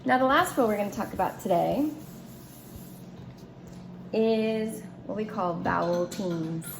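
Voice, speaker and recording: A woman gives a phonics lesson, patient and methodical as she writes out words and explains them. Her voice has a slight gravelly edge, and a faint hiss of noise sits under the recording. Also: medium pitch, unhurried. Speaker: teacher.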